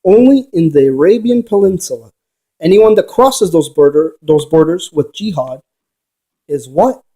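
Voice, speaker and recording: Preachy higher-voiced man lecturing. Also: lively intonation, moderate pace, dark tone. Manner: argumentative, lectures the viewer with rhetorical questions. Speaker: paranormal investigator. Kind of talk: rambling preachy monologue.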